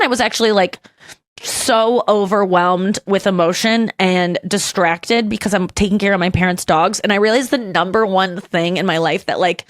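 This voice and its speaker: A woman's voice: medium pitch, no echo. A young adult woman hosting a podcast, telling emotional stories in a rambling, casual way. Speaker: podcast host. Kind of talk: casual chat.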